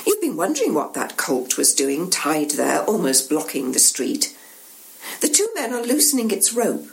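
A woman's voice: fairly low pitch, gravelly. A woman giving a church reflection, telling a scene vividly in the second person for her listeners. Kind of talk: imaginative sermon narration.

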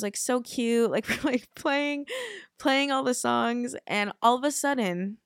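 A woman's voice: mid-range voice, fairly bright tone, smooth, no room sound, studio quality. A young woman hosting a podcast, chatting casually with lots of fillers and casual swearing. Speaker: podcast host. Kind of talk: casual chat.

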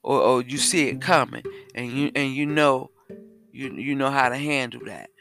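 A man hosting a self-help podcast, talking slowly and repeating questions to the listener. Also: mid-range voice, gravelly, a bit bright, faint music behind. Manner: slow, repetitive, asks the listener questions. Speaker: podcast host. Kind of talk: reflective self-help talk.

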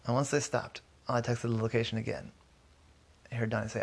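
A man telling a detective story in a relaxed, rambling way, sometimes correcting himself as he goes. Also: mid-range voice, fairly quick, creaky, slightly rough. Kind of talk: casual storytelling.

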